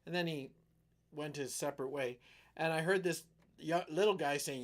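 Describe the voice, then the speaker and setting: Rambling, animated middle-aged storyteller man. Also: on the high side, moderate pace. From western Canada. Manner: rambling, animated storyteller who acts out quotes. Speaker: live stream host. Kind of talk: casual storytelling on a live stream.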